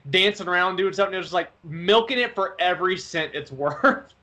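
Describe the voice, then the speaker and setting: A man chatting on a podcast, telling stories in an animated way and often repeating words as he starts a sentence. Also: sits high, brisk. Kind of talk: casual chat.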